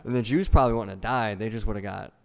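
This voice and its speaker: A man's voice: on the low side, quick pace, creaky, darkish tone. A man co-hosting a casual comedy podcast, joking crudely and laughing often, recorded on a phone. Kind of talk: casual chat.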